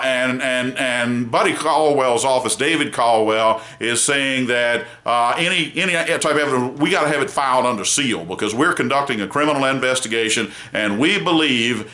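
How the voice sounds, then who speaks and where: A man's voice: mid-range voice, pushed and bright. A man delivering opinionated political commentary, rambling, with restarts and asides, and turning heated and emphatic at times. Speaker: political commentator and blog founder.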